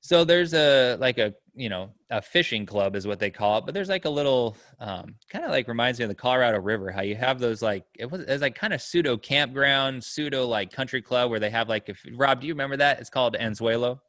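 A man's voice: medium pitch, animated, a little fast, hardly any pauses, fairly bright tone, no echo, studio quality. A man telling a long story in casual chat, rambling, with lots of fillers, and acting out the people in it. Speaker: storyteller guest.

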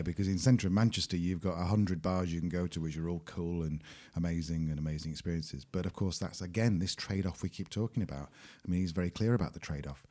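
A man's voice: sits low, mellow. A man in his forties co-hosting a podcast, chatty and jokey in casual conversation. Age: 40s. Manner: chatty, jokey and self-mocking. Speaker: podcast co-host. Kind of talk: casual chat.

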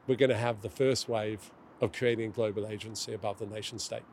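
His voice is fairly low and darkish, fairly quick and fairly even in intonation, with a little hiss or hum. The middle-aged guest author speaks emphatically in a conversational interview, acting out the voices he quotes.

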